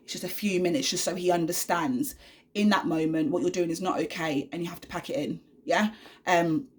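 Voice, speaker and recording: A young woman talks straight to her viewers from her bedroom, unedited and unscripted. Her voice sits a little low, and she rambles in a frank, chatty way with plenty of "um"s and "like"s. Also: a little fast. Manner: chatty, frank, many fillers. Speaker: vlogger, mother. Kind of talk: candid unedited vlog.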